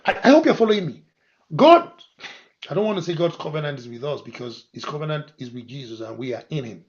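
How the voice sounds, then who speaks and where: High-voiced preaching pastor, dull recording. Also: male voice, expressive, fast. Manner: preaching with sharp rises to loud emphatic declarations. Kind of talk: sermon.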